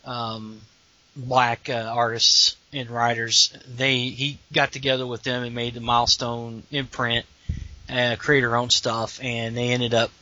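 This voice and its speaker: A man co-hosting a casual chat, earnest and halting, often restarting sentences. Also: medium pitch, level tone, bright, forceful tone. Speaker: podcast co-host. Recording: dull lo-fi sound.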